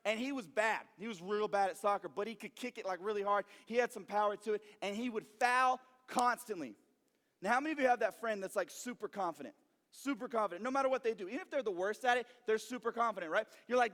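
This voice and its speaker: A man's voice: high-pitched, quick pace. A young man speaking as a youth pastor, telling jokey stories and acting out quoted reactions. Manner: animated, joking storytelling with quoted asides. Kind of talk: youth group talk. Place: church youth room or hall. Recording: long reverb of a hall.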